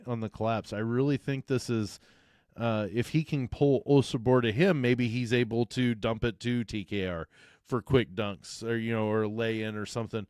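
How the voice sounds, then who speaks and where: A man's voice: mid-range voice, a little mellow, no echo, clean studio sound. A man co-hosting a casual sports talk show, rambling and correcting himself as he breaks down a basketball matchup. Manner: rambling, self-correcting, frequent uh fillers. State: hiccups. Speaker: sports podcast co-host.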